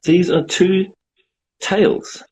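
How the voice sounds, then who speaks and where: A man's voice: sits high, flat delivery, very slow, a little mellow, breathy edge, rough recording. A man in his forties chatting casually and joking at his own expense on a video call from home. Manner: joking, self-mocking. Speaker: director hosting a watch party. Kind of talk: casual chat.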